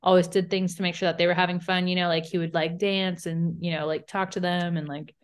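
A woman's voice: fairly low pitch, flat delivery, clean tone. A young woman co-hosting a podcast, chatting casually about reality TV in a blunt way, with frequent swearing. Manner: blunt, swearing, quick asides. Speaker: podcast co-host.

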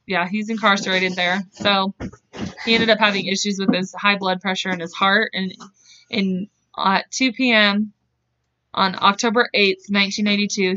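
Bright-voiced woman reading a case aloud. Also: mid-range voice, dry recording. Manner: reads notes aloud, trips over words and laughs at herself. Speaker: podcast co-host. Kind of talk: casual true-crime narration. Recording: dull lo-fi dry sound.

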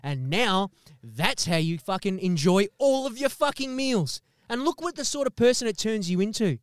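A man with a high, smooth voice rants in a heated, profane, comedic way. He keeps checking in with his listeners and pushes each point hard. The sound is close and dry. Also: expressive, moderate pace, no echo. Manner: heated, sweary, repeats "do you know what I mean". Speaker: podcast host.

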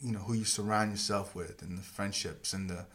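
A man's voice: on the low side, steady tone, fairly quick, a bit bright. A man co-hosting a podcast in casual chat, chiming in with jokes and quips. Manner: joking, chimes in with quips. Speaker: podcast co-host.

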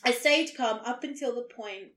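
A woman's voice: fairly high pitch, normal speed, a bit bright, roomy sound. A woman in her thirties, a podcast co-host telling a story in casual chat, acting out the people in it with laughter. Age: 30s.

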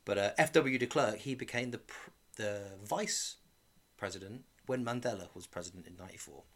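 A man's voice: fairly low pitch, brisk, fairly bright tone. A man co-hosting a casual chat, rambling and correcting himself as he goes. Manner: rambling, chatty, self-correcting. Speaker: podcast co-host.

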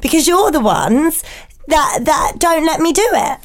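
A woman's voice: high voice, animated, a little slow. A young woman with a Home Counties English accent, co-hosting a casual chat and arguing her point with provocative, swearing banter. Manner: chatty, provocative, swears freely. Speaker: podcast co-host.

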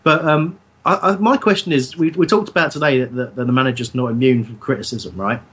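A man's voice: medium pitch, brisk, fairly bright tone, breathy edge. A man hosting a podcast in casual chat, joking, laughing often and asking the others questions. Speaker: podcast host.

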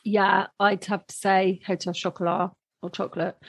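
A woman's voice: mid-range voice, flat delivery, moderate pace, slightly rough, dry recording, studio quality. A woman co-hosting a podcast, chatty and giggly in casual conversation. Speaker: podcast co-host. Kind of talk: casual chat.

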